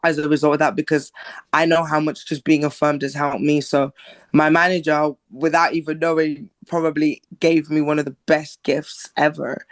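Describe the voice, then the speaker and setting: A woman from Zimbabwe, a singer talking as a podcast guest in a soft-spoken, reflective, halting way. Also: low voice, dry recording. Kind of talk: casual interview chat.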